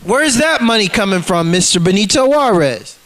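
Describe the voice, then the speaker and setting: A man's voice: sits high, animated, moderate pace, a bit bright. A man ranting to camera in a vlog, agitated and profane, often repeating himself. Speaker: vlogger.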